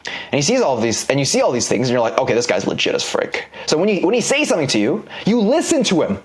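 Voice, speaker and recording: A man's voice: a little high, wildly swooping pitch, fast talker. A man teaching an online business course in a casual, slangy lecture style, explaining ideas by drawing examples on a board.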